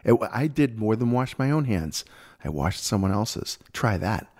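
A man with a fairly low voice chats casually as a podcast co-host. He tells stories with energy and acts out the voices of the people in them. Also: a little slow. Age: adult. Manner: animated storyteller, acts out quotes. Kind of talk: casual chat.

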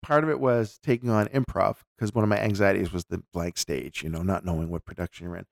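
A man's voice: sits low, quick pace, vocal fry, no room sound. Chatty man, dry close sound. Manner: animated storyteller, drops into voices. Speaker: podcast co-host. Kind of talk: casual chat.

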